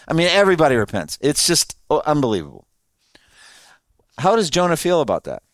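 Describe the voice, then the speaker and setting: A man's voice: fairly high pitch, wildly swooping pitch, a little fast, dry recording, clean studio sound. A man preaching a sermon in a conversational way, laughing often and asking his listeners questions. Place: room with an audience.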